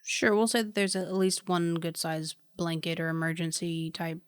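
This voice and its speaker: A woman narrating a tabletop horror game as game master, casual and relaxed. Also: on the low side, normal speed, clear, resonant tone, no room sound, studio quality.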